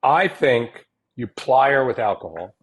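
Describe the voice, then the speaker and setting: Podcast dad: a man with a husky voice, deadpan humor. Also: mid-range voice, a little slow. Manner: deadpan, dry joking. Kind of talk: casual chat.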